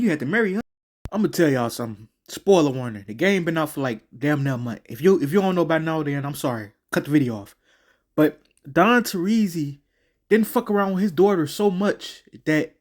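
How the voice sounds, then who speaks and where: A man giving a casual game review, slangy and profane, rambling with frequent restarts. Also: fairly high pitch.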